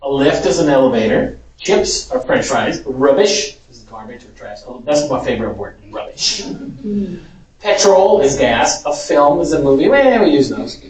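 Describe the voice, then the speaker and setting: A man's voice: medium pitch, expressive, moderate pace, few pauses, a little mellow. A man, a Spanish teacher, giving a chatty, amused informal lecture. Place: large echoey parish hall. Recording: echoey hall, distant mic.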